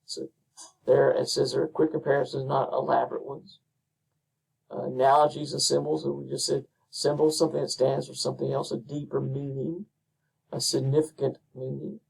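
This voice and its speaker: A male instructor explains his material in an unhurried way, dotted with ums and uhs. His voice is gravelly and husky. It sits at a middle pitch and is picked up from some distance off the mic. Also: a little mellow. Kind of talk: recorded lecture.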